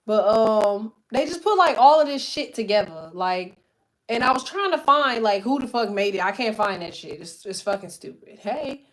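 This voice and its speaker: A woman with a fairly high voice rants casually to her followers. She rambles, swears freely and leans on "like" as a filler. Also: animated, normal speed. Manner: profane, rambling, heavy filler "like". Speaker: vlogger.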